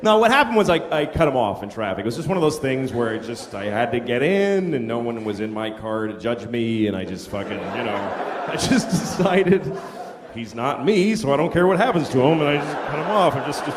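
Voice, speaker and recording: A man's voice: mid-range voice, noisy background. A middle-aged man doing a profane stand-up routine, telling an incredulous story and acting out an angry driver. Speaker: stand-up comedian. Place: large theater stage. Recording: live theater with echoing hall, crowd laughter.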